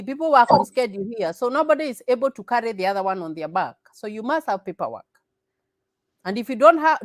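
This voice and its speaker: A woman's voice: fairly high pitch, no room sound, rough recording. A middle-aged woman from Kenya, a guest in a casual interview, talking earnestly, repeating her points and laughing often.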